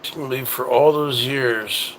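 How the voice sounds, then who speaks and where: A man hosting his own show, chatting casually in a rambling, halting way that often repeats itself. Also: medium pitch, steady tone, a bit bright, slight background noise, poor audio. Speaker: show host. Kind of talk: casual livestream chat.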